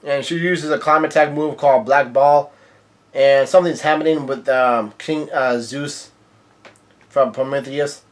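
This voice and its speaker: A man's voice: mid-range voice, fairly even intonation, a little slow. A young man casually recapping a manga chapter page by page, rambling with lots of fillers and restarts. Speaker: manga reviewer.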